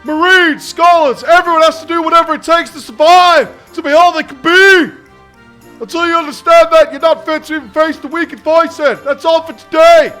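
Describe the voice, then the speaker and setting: A man's voice: very high-pitched, steady tone, normal speed, sharp tone, faint music behind. A man voicing a harsh, foul-mouthed drill sergeant while reading game dialogue aloud, barking insults and orders. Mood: berating.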